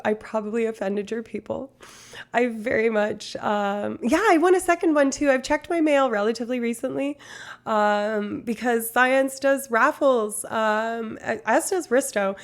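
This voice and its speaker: A woman in her twenties streams live and chats with viewers in a playful put-on Australian accent that drifts in and out. Her voice sits a little high, with a gravelly fry running under it. She is loose and self-mocking and swears casually. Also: measured pace. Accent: put-on Australian, slipping at times. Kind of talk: casual livestream chat.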